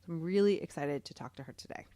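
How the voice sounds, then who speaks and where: A woman's voice: deep voice, quick pace, dark tone, no room sound. A woman from Boston co-hosting a podcast in casual chat, chatty and laughing often. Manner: chatty, laughs often, reads stories aloud. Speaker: podcast co-host.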